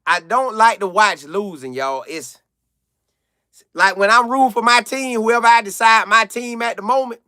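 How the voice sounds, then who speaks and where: A man with a high, bright, resonant voice speaks directly into a dry, close mic during a casual sports live stream, reading viewer chat and riffing on the game. His delivery is loose, slangy, and flavorful, clear and at a moderate pace, with no echo.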